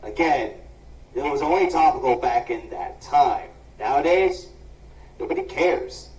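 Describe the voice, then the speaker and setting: A man's voice: medium pitch, expressive, a little slow, a little mellow. Scolding sarcastic man in a roomy echo. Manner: scolding, mocking, swears freely. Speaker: commentator. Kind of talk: sarcastic reaction commentary. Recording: roomy and distant.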